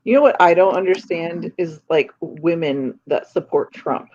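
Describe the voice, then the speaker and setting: A woman in casual chat with friends, outspoken and quick to laugh. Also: on the low side, darkish tone, muffled recording.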